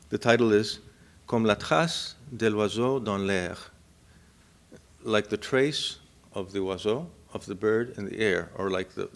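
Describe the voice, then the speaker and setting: Lecturer, male, native Spanish speaker from Cuba; low, gravelly voice; reflective, talks to the room. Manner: reflective, checks in with listeners often. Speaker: university lecturer. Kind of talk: academic lecture.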